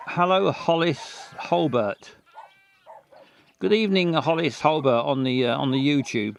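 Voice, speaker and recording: A man's voice: on the high side, a little slow, vocal fry, slight background noise. A man doing a mock street interview outdoors, firing blunt, stammering questions. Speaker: comedy interviewer. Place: outdoors in a field.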